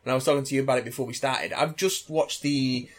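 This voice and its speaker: A man's voice: mid-range voice, fairly even intonation, fast. A man in casual podcast chat as co-host, hesitant with fillers and casual swearing.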